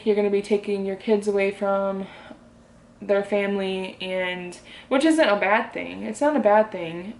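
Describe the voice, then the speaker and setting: Young woman vlogging with a flat, roomy voice. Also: mid-range voice. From Michigan. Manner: rambling, filler-heavy, heartfelt. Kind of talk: casual talk to camera. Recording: roomy echo.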